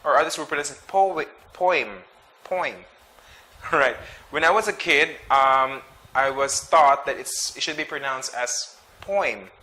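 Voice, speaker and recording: A man teaching English pronunciation, reading sight words slowly and twice each, with short explanations. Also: fairly high pitch, steady tone, pushed and bright. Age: adult. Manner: slow and deliberate, repeats each word twice with brief explanations.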